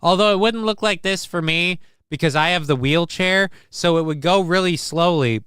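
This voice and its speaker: Man, from the Midwest, livestream host, joking, rambling, smooth tone, dry recording. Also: high-pitched, moderate pace, a bit bright, no room sound. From American Midwest. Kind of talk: casual livestream commentary.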